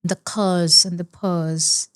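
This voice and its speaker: Woman hosting a podcast, low voice. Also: flat delivery, slow, a little mellow, clean tone. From India. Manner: thoughtful, rephrases and searches for words. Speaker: podcast host. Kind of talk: conversational podcast interview.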